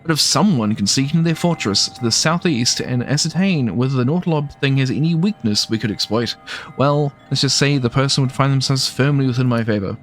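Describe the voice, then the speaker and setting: A man's voice: medium pitch, fairly quick, faint music behind, close to an everyday voice. A man voicing an anxious, flustered older female village mayor in a game, fretful and stammering.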